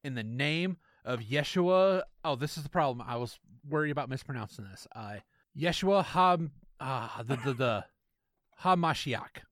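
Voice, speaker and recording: A man's voice: medium pitch, moderate pace, a bit bright, dry recording, studio quality. A man with a Southern US accent co-hosting a casual comedy podcast, reading scam emails aloud with sarcastic, mock-dramatic asides and frequent laughter. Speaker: podcast co-host.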